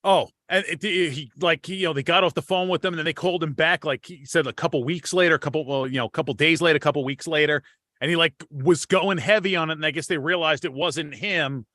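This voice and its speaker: Foul-mouthed guy co-host, kinda high voice, dry close sound. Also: quick pace, no echo. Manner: crude, swears freely, energetic. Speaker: podcast co-host. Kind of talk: casual chat.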